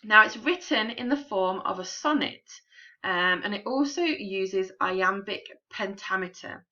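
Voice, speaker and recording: A woman teacher talks through a poem for a recorded remote lesson, patient and clear with plenty of ums. Her voice is bright and forward. The sound is a little dull and lo-fi, like a home recording. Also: mid-range voice, animated, measured pace. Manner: clear, patient classroom explaining with frequent ums.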